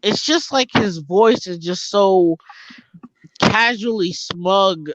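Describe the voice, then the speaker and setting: A man's voice: high-pitched, slow pace, noisy background. A man chatting casually on a gaming podcast, rambling with many restarts. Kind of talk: casual chat. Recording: dull lo-fi dry mic.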